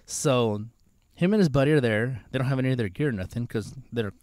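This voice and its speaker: A young man on a casual talk show, telling stories in an animated way and acting out the voices of people in them. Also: fairly quick, no room sound, studio quality. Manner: animated storyteller, acts out quoted voices in higher pitch. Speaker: co-host. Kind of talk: casual chat.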